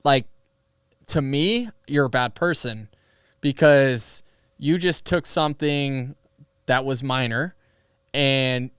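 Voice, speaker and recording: A young man and podcast guest telling stories in a casual, animated way, laughing often and using many fillers. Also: medium pitch, slow, long pauses, clear, resonant tone, no echo, studio quality. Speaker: podcast guest, pro athlete. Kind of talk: casual storytelling conversation.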